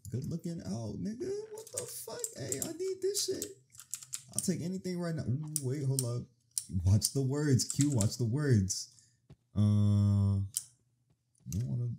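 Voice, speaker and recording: A young man gives profane, excited let's-play commentary, talking to the game as he plays. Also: mid-range voice, a little hiss or hum. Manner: profane, animated reactions, talks to the game. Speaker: gaming streamer.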